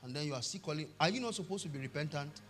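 A middle-aged Nigerian man preaching a sermon, telling a family story and swinging from hushed tones to shouts. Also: a little high, expressive, very fast, soft background music. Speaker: pastor.

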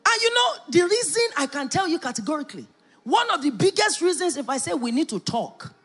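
Middle-aged woman pastor, lively swooping pitch, emphatic sermon delivery. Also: a little fast. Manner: animated, emphatic preaching with playful asides.

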